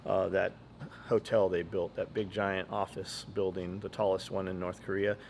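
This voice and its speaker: A man's voice: deep voice, little pitch movement, moderate pace, creaky, darkish tone, a little hiss or hum. A man hosting a podcast in casual chat, blunt and profane, rambling from story to story. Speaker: podcast host.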